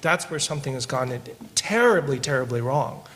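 A man co-hosting a podcast who tells stories while teaching scripture, moving between quick asides and slow, emphatic lines. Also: mid-range voice, animated, a bit bright. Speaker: podcast co-host discussing scripture. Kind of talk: conversational Bible teaching with storytelling.

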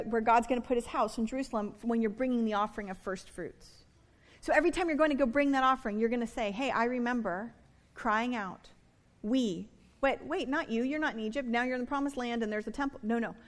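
High-voiced, animated woman preacher. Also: fast talker. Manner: conversational, animated, with playful asides. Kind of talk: sermon.

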